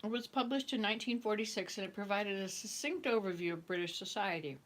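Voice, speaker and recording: A woman's voice: medium pitch, quick pace, fairly bright tone. A woman host reading a book aloud casually, chatty and correcting her own slips, at times munching a cookie. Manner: chatty, stumbles and corrects herself; talks around a cookie.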